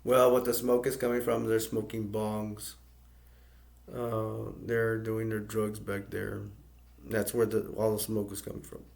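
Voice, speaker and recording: A man from the United States casually recapping a film's plot in a flat, rambling way. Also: lowish voice, unhurried, gravelly. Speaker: movie reviewer.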